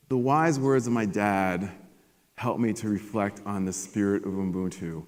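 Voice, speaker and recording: A man giving a motivational keynote at a conference, energetic and animated as he tells stories to the audience. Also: on the low side, measured pace. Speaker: keynote speaker. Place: large conference hall. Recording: long hall reverb.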